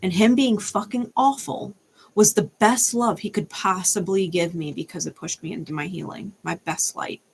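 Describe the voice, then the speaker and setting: A woman's voice: mid-range voice, normal speed, slight background noise. A young adult woman, a tarot reader, ranting in a blunt, fired-up way and swearing freely. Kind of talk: unscripted ranting monologue.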